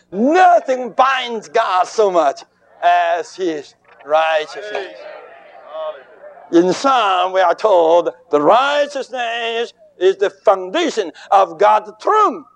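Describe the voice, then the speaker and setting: A man preaching a sermon in emphatic, deliberate short phrases, his voice riding high and swinging widely in pitch. He takes his time, unhurried and slow, and the recording is close and dry with no room sound. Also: animated.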